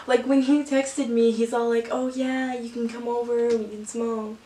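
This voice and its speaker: Young woman rambling a storytime, slow and laughy, kinda high voice, roomy echo, a bit far from mic. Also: fairly even intonation. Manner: rambling, laughing often, filler-heavy with lots of 'like'. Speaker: vlogger. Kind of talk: casual storytime. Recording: echoey room, from a distance.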